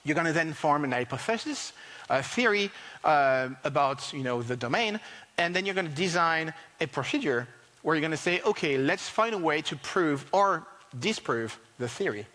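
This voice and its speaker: Man speaker at a tech conference, higher voice, lively, lots of ums, long hall reverb. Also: normal speed. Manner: animated, many fillers and restarts.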